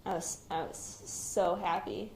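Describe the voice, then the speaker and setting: A woman's voice: fairly low pitch, steady tone, takes it slowly, vocal fry. Hesitant young woman in a roomy space. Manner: hesitant, reflective, quiet-spoken. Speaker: shooting survivor, active military member. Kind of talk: recounting a personal experience in an interview. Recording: roomy recording with faint background noise.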